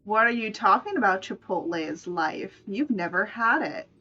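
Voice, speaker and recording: A woman's voice: medium pitch, lively intonation, moderate pace, sharp tone, highs cut off, faint music behind. A woman streamer in playful, casual live-stream chat, laughing often. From United States.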